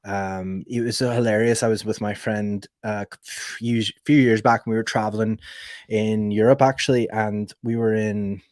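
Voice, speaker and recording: A man's voice: on the low side, steady tone, moderate pace, a little mellow, no room sound, clean studio sound. A man with a Northern Irish accent, a podcast guest chatting casually and rambling with lots of "like" fillers. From Northern Ireland. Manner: rambling, heavy use of "like" fillers. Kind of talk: casual conversational storytelling.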